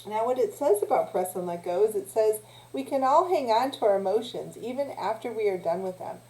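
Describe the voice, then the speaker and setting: A woman teacher leading a children's lesson, talking in a gentle, encouraging way with small pauses and restarts. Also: mid-range voice, animated. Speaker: youth teacher. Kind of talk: children's lesson, guided breathing. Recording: echoey room.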